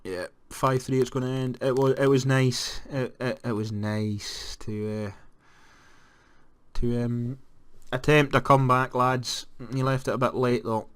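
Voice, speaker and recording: Excitable Scottish man commentating a game. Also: medium pitch, measured pace, clear, resonant tone. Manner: animated, jumps to excited shouts at goals. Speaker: gaming commentator. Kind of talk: casual let's-play commentary.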